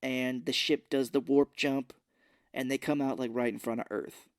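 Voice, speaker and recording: A man's voice: medium pitch, little pitch movement, dry recording, studio quality. A man co-hosting a podcast, loosely and profanely recapping a movie's plot in casual chat. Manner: loose, profane retelling with quick acted quotes. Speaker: podcast co-host.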